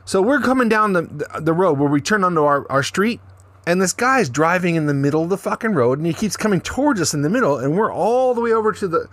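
Profane, animated man telling stories. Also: high-pitched, fast. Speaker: podcast co-host. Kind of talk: casual chat.

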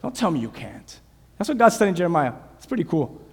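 A man preaching a sermon to a church, dynamic, swinging from hushed asides to shouted passages. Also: sits high, sing-song, quick pace, slightly rough. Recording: long hall reverb.

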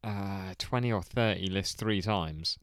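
A man with a smooth, resonant voice, hosting a casual podcast in an easygoing, chuckling way. He reads out listener answers and fills the pauses with ums. The sound is dry and close. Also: low voice, a bit bright, no room sound. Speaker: podcast host. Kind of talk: casual chat.

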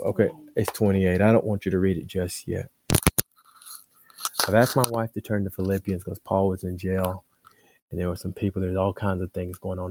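A man preaching a sermon, moving between booming, drawn-out proclamations and quiet conversational asides, often repeating words and restarting. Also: no room sound, studio quality.

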